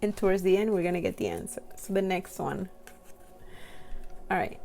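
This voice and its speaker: A young woman with a non-native English accent giving a casual tarot reading to camera, giggling often and reading card text slowly and carefully. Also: lowish voice, sing-song, creaky, dark tone, a little hiss or hum.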